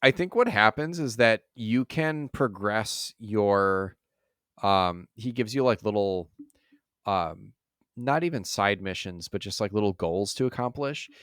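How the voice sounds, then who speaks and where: A man with a low, smooth, resonant voice talks in a loose, rambling way, full of fillers and the odd curse. The sound is dry and close to the mic, with no room around it. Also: expressive, unhurried, a bit bright, no room sound. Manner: rambling, swears freely, many fillers. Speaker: podcast co-host. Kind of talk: casual chat.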